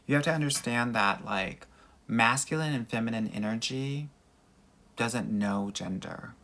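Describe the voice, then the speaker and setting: A man's voice: medium pitch, measured pace, a bit bright. A man working as a dating coach, answering viewer comments in a chatty livestream Q&A with a Valley Girl voice and mannerisms, calling everyone girl and honey.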